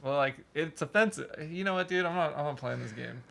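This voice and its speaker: A man's voice: on the high side, brisk, creaky, fairly bright tone. A man hosting a podcast in a studio, chatting casually with a laid-back, dry, teasing manner. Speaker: podcast host. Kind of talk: casual chat. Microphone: studio mic.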